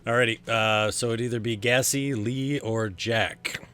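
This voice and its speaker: A man narrating as game master in a loose, chatty way, laughing often and dropping into quick character voices. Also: mid-range voice, fairly even intonation, fairly bright tone, smooth.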